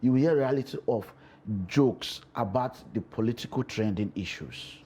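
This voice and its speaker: A man's voice: on the low side, a little hiss or hum. A man with a Nigerian accent, a comedian talking animatedly in a TV interview and slipping into pidgin. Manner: animated, mixes pidgin into English. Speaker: comedian guest. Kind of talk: TV interview talk.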